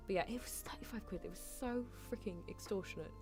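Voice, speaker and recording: A woman's voice: fairly low pitch, brisk, faint music behind. Chatty British young woman streamer. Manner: chatty and animated, with frequent laughs and apologies. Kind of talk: casual chat.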